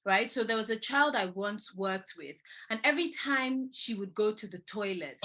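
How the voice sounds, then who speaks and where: A woman educator candidly recounting a classroom experience in reflective storytelling, animated and openly self-critical. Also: medium pitch, normal speed. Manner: candid, animated, imitates a child's whining.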